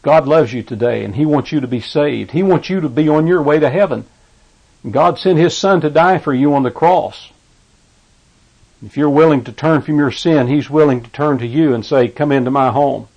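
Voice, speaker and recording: Gravelly fervent male preacher. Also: fairly high pitch, moderate pace, darkish tone, highs cut off. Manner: fervent, repetitive preaching cadence. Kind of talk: radio sermon.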